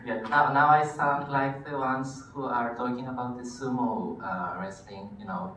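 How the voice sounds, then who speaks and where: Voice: medium pitch, fairly even intonation, moderate pace, fairly bright tone, recorded from a distance. A teacher running a class, friendly, thanking students and laughing often. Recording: echoey classroom from afar, faint noise.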